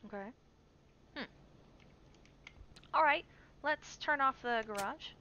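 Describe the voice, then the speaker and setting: A woman's voice: high-pitched, takes it slowly, bright, forceful tone. A woman streamer giving chatty, jumpy live commentary while playing a survival game, reading on-screen text aloud. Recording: dull stream mic with faint hiss.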